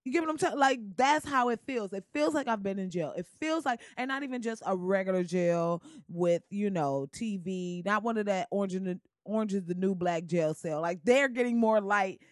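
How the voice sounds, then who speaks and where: A woman's voice: medium pitch, lively intonation, moderate pace, few pauses, dry recording, studio quality. A woman hosting her own podcast, talking casually and animatedly at home, often laughing and slipping into bits of song. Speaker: podcast host. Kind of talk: casual solo podcast monologue. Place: room at home. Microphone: podcast mic at home.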